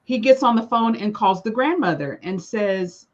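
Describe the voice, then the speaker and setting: A woman tells family stories in a casual, animated way, slipping into the voices of relatives as she goes. Her pitch sits in a middle range. The recording sounds a little dull and lo-fi. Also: normal speed. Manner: lively storyteller who acts out family members' lines. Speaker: panelist sharing her experience. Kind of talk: casual storytelling chat.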